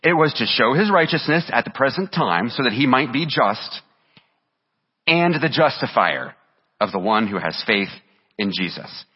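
A man's voice: mid-range voice, very animated, normal speed, husky, long reverb tail, highs cut off. A man preaching a sermon as pastor, reading scripture aloud with earnest emphasis.

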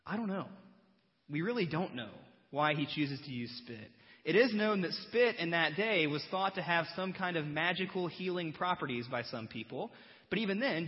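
A man preaching a Bible teaching sermon, conversational and animated, full of rhetorical questions and humor. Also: high-pitched. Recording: dull recording with long hall reverb.

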